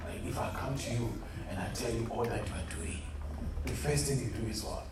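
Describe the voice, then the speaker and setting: Speaking briskly in a medium pitch, a man runs an interactive sermon for a youth group, earnestly questioning them during Bible study and addressing them as "beloved." It's recorded in an echoey room with chairs set out, a far-off mic, and a faint hum.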